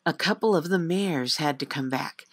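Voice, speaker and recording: A woman voicing a flustered, stubborn young man on guard duty who talks in a low, hushed mutter. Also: lively intonation, takes it slowly, no echo, full character voice. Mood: anxious mutter.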